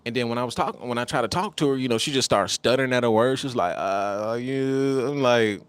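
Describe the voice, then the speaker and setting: A man telling a personal story in a casual monologue, animated and repetitive, often calling the listener "bro". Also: mid-range voice, very fast, no echo. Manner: animated, repeats phrases, addresses listeners as bro.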